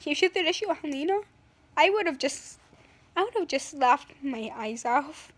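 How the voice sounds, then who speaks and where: A woman's voice: high-pitched, lively intonation, normal speed. A young woman telling a story from school in a casual way, laughing often and acting out her classmates' lines. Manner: giggly, acts out classmates' lines.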